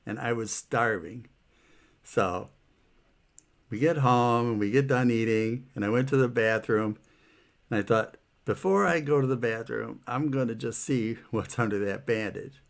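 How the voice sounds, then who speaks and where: A man's voice: mid-range voice, measured pace, vocal fry. A man casually telling a personal story about his health troubles, laughing often and sounding rueful and incredulous.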